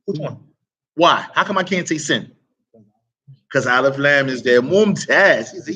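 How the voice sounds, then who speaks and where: A man's voice: a little high, animated, measured pace, long pauses, fairly bright tone, breathy edge. A man teaching an online Arabic grammar lesson, quizzing students and praising their answers with casual asides.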